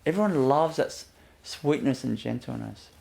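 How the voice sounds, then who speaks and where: A man giving a gentle inspirational talk as a spiritual teacher, often laughing softly and leaning on "you know" as he repeats himself. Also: medium pitch, lively intonation, moderate pace, vocal fry. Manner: repetitive, fills with "you know".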